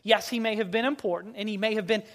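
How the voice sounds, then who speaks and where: A pastor delivers a morning sermon in a measured, emphatic way. Important phrases come twice, spoken slowly. Line endings sink low and soft before the next thought picks back up. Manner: emphatic, slowing and dropping quiet at phrase ends; repeats key phrases for weight.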